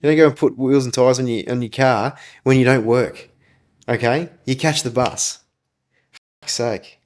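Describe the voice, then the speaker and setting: A man's voice: mid-range voice, moderate pace, a little mellow. A man, co-hosting a casual business podcast, ranting and swearing freely as he tells stories. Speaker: podcast co-host, business owner.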